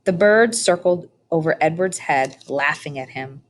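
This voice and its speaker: Slow, low-voiced woman reading a storybook. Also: slight background noise. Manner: calm, measured reading. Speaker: audiobook reader. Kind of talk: storybook narration.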